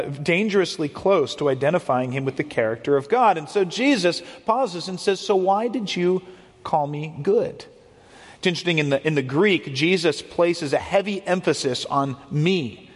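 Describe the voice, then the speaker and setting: A man preaching a sermon as a pastor, explaining earnestly and often repeating words as he goes. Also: on the high side. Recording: long hall reverb.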